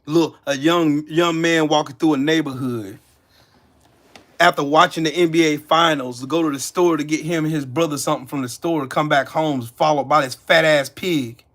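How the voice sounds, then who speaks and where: Furious cursing man, sharp forceful voice. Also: fairly high pitch, steady tone, moderate pace. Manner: heated, cursing, accusatory, repeating lines. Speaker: channel host. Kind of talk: angry profane rant to camera.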